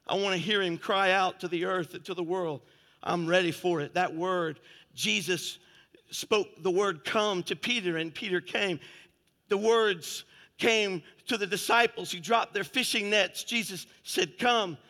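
A man preaching a fervent sermon, swinging between shouted exclamations and hushed, quiet passages. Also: high-pitched, a little slow, big-room sound. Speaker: pastor.

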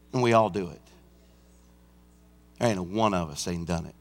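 A senior pastor preaching a sermon, swinging from hushed, intimate passages to shouted climaxes, sometimes singing and acting out scenes. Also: male voice, deep voice, unhurried, long pauses, big-room sound. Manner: breaks into song and acts out scenes. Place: church sanctuary.

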